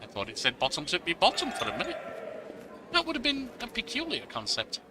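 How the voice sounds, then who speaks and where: A man's voice: high voice, huge pitch swings, a little fast, noisy background. A man commenting on his game playthrough, reading text aloud with playful asides. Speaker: gamer. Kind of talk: let's-play commentary.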